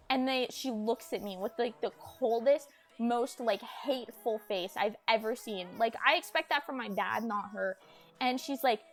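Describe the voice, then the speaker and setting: A woman's voice: on the high side, moderate pace, soft background music. A young woman streamer telling an upsetting family story, agitated and swearing, often raising her voice to replay arguments. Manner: agitated, swears, acts out quotes in raised voice. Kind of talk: emotional storytime chat.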